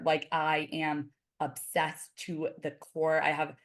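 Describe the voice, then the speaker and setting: A woman's voice: low-pitched, monotone, slow pace. A woman guest on a podcast, chatting casually and peppering her talk with "like". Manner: chatty, lots of "like" fillers. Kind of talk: casual chat.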